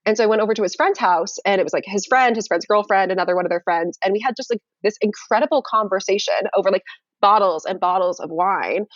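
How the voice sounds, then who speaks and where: A young woman telling a dating story in casual conversation on a video call, animated and full of fillers. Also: mid-range voice, fast, no echo, lo-fi sound. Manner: animated, many fillers and restarts. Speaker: guest.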